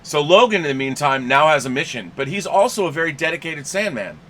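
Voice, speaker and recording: Man with a bright voice chatting about a film. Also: on the high side, quick pace. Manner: relaxed, conversational, adds detail and corrections. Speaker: podcast co-host. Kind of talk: casual movie discussion.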